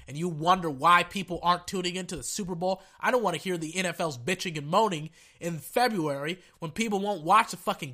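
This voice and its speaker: A man's voice: high voice, pushed and bright. A man giving a profane, exasperated rant about football refereeing, reading out quotes and then venting. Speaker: sports commentator. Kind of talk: angry sports rant.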